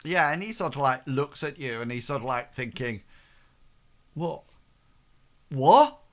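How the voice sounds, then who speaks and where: A man's voice: mid-range voice, fairly quick, sharp tone. A man narrating a tabletop game as game master, hesitant and full of fillers.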